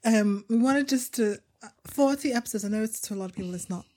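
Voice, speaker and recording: A woman's voice: on the high side, fast, warm tone. A young woman co-hosting a podcast, chatting casually and laughing easily. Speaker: podcast co-host. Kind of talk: casual chat.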